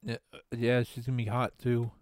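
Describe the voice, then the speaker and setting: A man's voice: mid-range voice, completely flat delivery, brisk, a little mellow, no room sound, studio quality. A man on a podcast call protesting and firing back while his friends tease him. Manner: protesting, fires back at teasing. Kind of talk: casual banter among friends. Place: online voice call.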